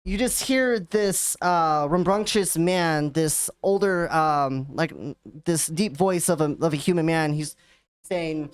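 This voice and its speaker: Low-voiced woman running a tabletop game. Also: clean tone. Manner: halting, many fillers. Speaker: dungeon master.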